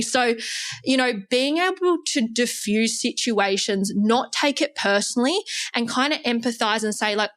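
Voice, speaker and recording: A woman hosts a podcast and tells a story at a relaxed, conversational pace. She talks in a casual, chatty way and uses "like" often. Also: fairly high pitch, moderate pace. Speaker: podcast host. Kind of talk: casual chat.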